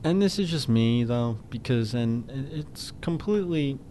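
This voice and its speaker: A man co-hosting a casual sports chat, talking in halting restarts and giving blunt opinions. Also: mid-range voice, animated, warm tone, a little hiss or hum.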